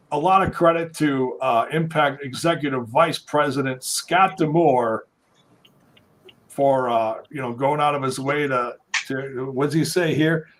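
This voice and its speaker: Halting, slightly high-voiced male podcast host. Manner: hesitant, many fillers and restarts. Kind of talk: casual chat.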